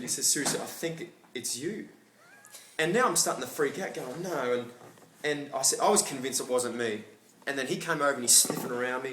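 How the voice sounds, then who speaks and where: A man with an Australian accent telling a funny personal story to friends, laughing often and acting out both sides of the conversation. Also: a little high. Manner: animated, laughing, acts out both sides of the dialogue. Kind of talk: casual anecdote among friends. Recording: echoey room with background noise.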